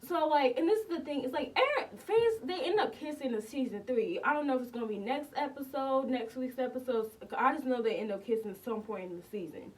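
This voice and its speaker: A woman's voice: high voice, a little fast, hardly any pauses, far from the mic, poor audio. A young woman casually reacting to and reviewing a TV episode, rambling with lots of fillers and repeated words. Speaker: TV reaction vlogger.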